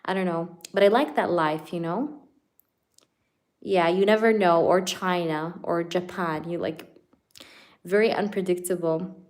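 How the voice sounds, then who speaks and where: Low-voiced chatty woman tarot reader. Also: fairly even intonation, a little slow, long pauses. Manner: chatty and playful, laughing often, heavy on "like" and "you know". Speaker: tarot reader hosting a live stream. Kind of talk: casual live-stream chat and tarot reading.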